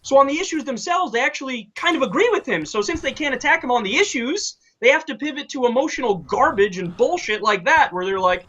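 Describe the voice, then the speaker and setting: Bright-voiced blunt male political host. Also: very high-pitched, lively intonation, fast talker, few pauses. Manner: blunt and sarcastic, swears casually. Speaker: show host. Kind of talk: casual political commentary.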